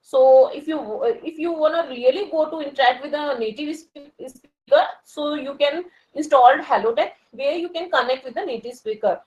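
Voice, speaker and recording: In a muffled recording, an Indian woman speaks in a high, darkish voice at a moderate pace with hardly any pauses. She is a working professional with an Indian English accent, talking casually and hesitantly about learning English, with many fillers and restarts.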